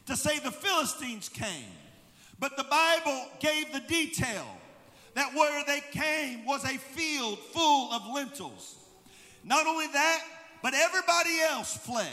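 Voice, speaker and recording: High bright-voiced male pastor preaching, church hall reverb. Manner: preaching, building to shouted emphasis. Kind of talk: sermon. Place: church sanctuary.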